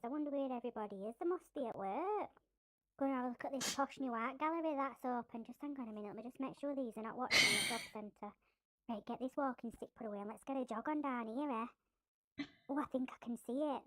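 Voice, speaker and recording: A woman playing a nosy, excitable working-class woman in a comedy sketch, chattering to herself with gasping exclamations. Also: sits high, dry recording. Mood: chatty.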